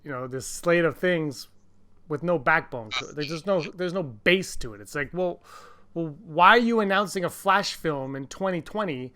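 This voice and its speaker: A man co-hosting a casual podcast, talking excitedly with many restarts and acting out quotes in a raised voice. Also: fairly high pitch, normal speed. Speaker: podcast co-host.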